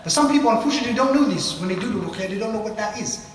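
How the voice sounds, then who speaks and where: A man's voice: high-pitched, expressive, racing, soft background music. A man with a British accent giving an informal spoken lesson, explaining loosely and repeating himself with tag questions. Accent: British English. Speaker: ruqya teacher. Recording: echoey hall from far off.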